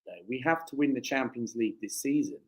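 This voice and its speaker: A man's voice: mid-range voice, fast. A man co-hosting a casual fan chat stream who insists on his points and repeats the same lines. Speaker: co-host.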